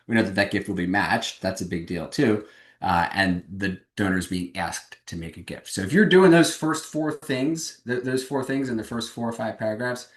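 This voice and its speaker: A man with a deep voice and a roomy sound gives a webinar presentation on fundraising over a video call. He speaks with energy and emphasis.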